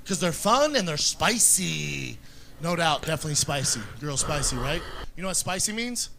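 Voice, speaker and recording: Crude, higher-voiced man doing stand-up. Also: sing-song, normal speed, vocal fry, background noise. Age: 30s. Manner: crude, profanity-heavy storytelling. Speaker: stand-up comedian. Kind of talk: stand-up comedy set. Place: stage in front of a live audience.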